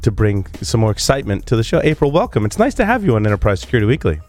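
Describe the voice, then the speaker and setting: A man's voice: fairly low pitch, racing, faint music behind. A man hosting a security podcast, talking casually with restarts while on the verge of losing his voice. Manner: energetic, rambling with restarts. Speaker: podcast host. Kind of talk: casual podcast talk and read ads.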